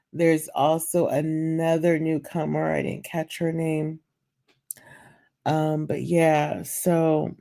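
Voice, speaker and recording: A woman talks into her camera at home late at night, gossiping in a casual vlog. Her voice sits low and mellow, and she takes her time, drawling through fillers and calling her viewers "child" and "baby". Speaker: vlogger.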